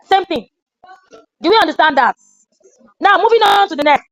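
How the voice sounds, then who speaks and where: A woman trainer giving an animated classroom lecture and acting out a teacher scolding a student. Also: very high-pitched, normal speed, no room sound, faint music behind, rough recording. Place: lecture room.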